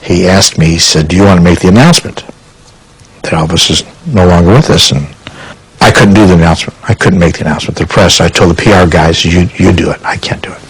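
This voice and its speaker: A man's voice: low-pitched, fast, breathy edge, rough recording. A man giving a documentary interview, telling his memories in a plain, subdued way.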